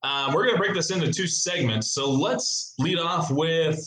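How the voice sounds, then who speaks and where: A man co-hosting a sports podcast in relaxed, joking casual chat. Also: fairly high pitch, normal speed. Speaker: podcast co-host. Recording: roomy sound with faint noise.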